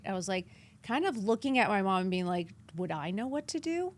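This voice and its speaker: A woman in her fifties from New York, with a New York accent, telling her story as a podcast guest, animated and acting out her past lines in quotes. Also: fairly high pitch, quick pace. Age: 50s. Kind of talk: candid interview storytelling.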